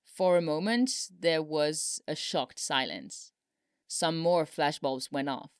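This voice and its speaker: Low, smooth woman reading a story. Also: takes it slowly, no echo, clean studio sound. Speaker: narrator.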